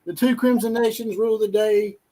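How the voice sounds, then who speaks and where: A man with a drawl runs a casual college football stream. His voice sits noticeably high, and he keeps up a steady stream of jokes and playful jabs at rival fans. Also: fairly quick, poor audio. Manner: joking, teasing, trash-talking. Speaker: show host. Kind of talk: casual sports talk stream.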